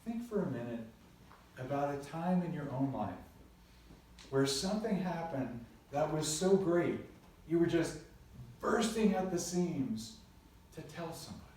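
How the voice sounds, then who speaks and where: Slow, mellow-voiced pastor in an echoey church. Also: male voice, on the high side, animated, a little hiss or hum. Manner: earnest, storytelling with playful asides. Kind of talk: sermon. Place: church sanctuary. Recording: very echoey church from a distant mic.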